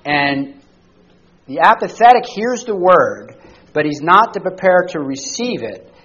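A man's voice: sits high, very animated, slow, a bit bright, breathy edge, dull audio. A man teaching a church study class to a group, talking conversationally and often checking in with the listeners by asking them questions. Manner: conversational, asks the group questions, frequent "all right?".

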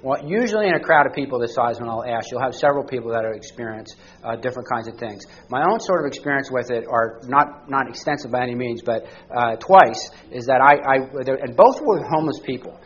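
A man's voice: medium pitch, animated, a little fast, hardly any pauses, a bit bright, muffled recording. Conversational man teaching a Bible class. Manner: conversational, asks the group questions, frequent "all right?". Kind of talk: teaching a church study class. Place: room with a group of listeners.

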